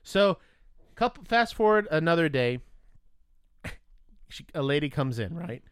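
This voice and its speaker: A man telling a story in casual chat, animated and profane, acting out both sides of a conversation. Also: on the high side, measured pace, clean tone, dry recording, clean studio sound.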